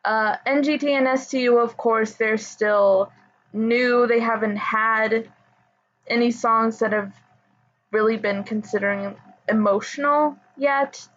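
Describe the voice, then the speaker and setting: A woman chatting casually as a pop music fan, rambling with fillers and soft laughs. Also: on the high side, fairly even intonation, slow. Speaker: idol fan commentator. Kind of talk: casual chat. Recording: dull lo-fi audio.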